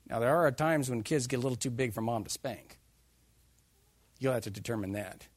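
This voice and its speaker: A man's voice: mid-range voice, brisk, no room sound. Emphatic male preacher. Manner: emphatic, animated, jokes with the congregation. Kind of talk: sermon.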